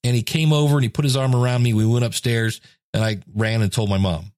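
A man's voice: medium pitch, fairly even intonation, fast talker, darkish tone, dry recording, studio quality. A man in his fifties giving a casual motivational monologue, telling stories and acting out quoted voices. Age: 50s. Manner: storytelling, acts out quoted voices.

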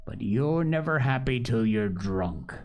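A man's voice: mid-range voice, expressive, measured pace, a little mellow, natural voice. Man playing Long John Silver, scheming pirate. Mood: contemptuous. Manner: growling pirate dialect, lecturing. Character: old one-legged pirate cook, sly and scornful.

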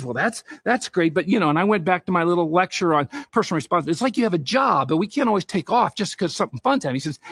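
A middle-aged man delivers a faith-based talk on parenting, weaving scripture into family stories. His voice sits high and swings widely in pitch, with a husky edge. The sound is close and dry. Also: racing, hardly any pauses, no echo. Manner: storytelling with scripture quotes, animated. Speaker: speaker on parenting.

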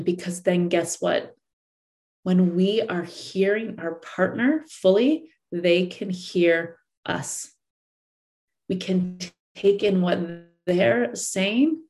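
A woman with a fairly low voice coaches listeners on relationships. She talks earnestly, repeating and reshaping her phrases as she goes. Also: measured pace, darkish tone. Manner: earnest, repeats and rephrases, acts out angry partners.

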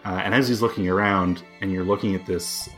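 Low-voiced man running a tabletop game. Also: steady tone, brisk, fairly bright tone. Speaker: game master. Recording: faint background music.

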